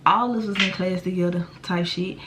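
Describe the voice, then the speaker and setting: A woman's voice: fairly low pitch, fairly even intonation, a little fast, background noise. A young adult woman telling a personal story to her viewers in a casual, slangy, profane way. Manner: addresses viewers directly. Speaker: vlogger.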